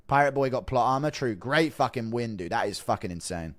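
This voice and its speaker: A man on a casual live stream, jokey and offhand as he reads donations aloud. His pitch sits mid-range but jumps around a lot. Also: lively intonation, a little fast, few pauses, dry recording.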